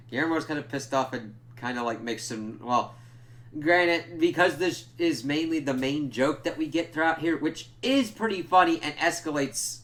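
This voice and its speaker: A man's voice: mid-range voice, fairly bright tone. A man giving a casual, rambling spoiler review of a TV episode, with lots of filler words and swearing.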